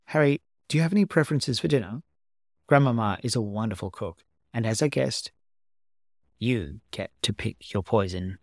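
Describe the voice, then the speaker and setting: A man voicing an elegant, gracious gothic mother who speaks gently and politely in a dry, close recording. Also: on the low side, normal speed, no room sound, lightly acted.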